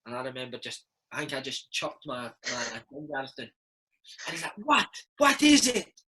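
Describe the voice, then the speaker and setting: A Scottish man in his thirties, a former footballer, telling animated stories in a casual interview and slipping into impressions. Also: medium pitch, moderate pace, rough recording. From Scotland. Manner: animated storyteller, slips into impressions of his old coach.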